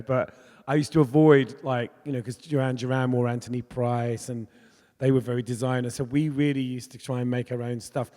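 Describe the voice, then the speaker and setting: His voice sits mid-range with a slight mellowness: a man in his fifties, a pop musician, chatting and laughing often as he tells candid stories onstage. The festival talk takes place in a hall, captured with long reverb.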